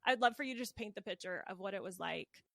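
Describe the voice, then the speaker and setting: A woman's voice: mid-range voice, fast talker, gravelly, fairly bright tone, no echo. A woman hosting a parenting podcast, with effusive, enthusiastic praise. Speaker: podcast host, parenting coach.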